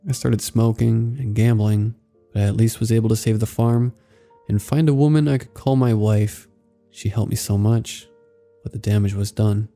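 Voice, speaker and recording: Gravelly low-voiced male horror narrator. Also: fairly even intonation, warm tone. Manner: measured, somber storytelling. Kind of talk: scripted horror story narration. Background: faint music.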